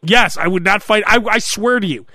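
A high-pitched man hosting a casual comedy podcast, animated and playful, slipping into impressions of other people as he jokes. His voice is close and dry on the studio mic, with no room sound around it. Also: fairly quick, no room sound. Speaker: podcast host.

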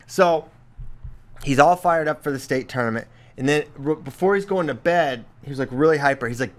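A man's voice: a little high, normal speed. A man co-hosting a casual wrestling talk show, telling a story with a laugh and acting out the lines he quotes. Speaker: podcast co-host. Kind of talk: casual chat.

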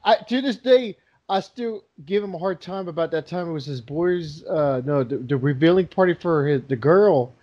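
A man's voice: fairly high pitch, lively intonation, moderate pace, darkish tone. A man in a casual chat, teasing his friends and laughing often. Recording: muffled lo-fi audio.

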